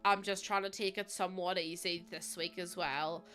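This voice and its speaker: A young woman streaming to her chat, talking casually while in pain after surgery, apologetic and emotional, pausing to breathe through it. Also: lowish voice, fairly even intonation, fairly bright tone. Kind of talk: casual chat to a livestream audience.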